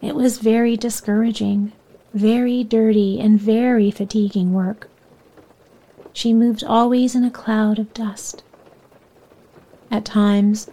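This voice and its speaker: A woman reading a children's bedtime story aloud in a soft voice that often sinks near a whisper. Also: mid-range voice, low-quality recording.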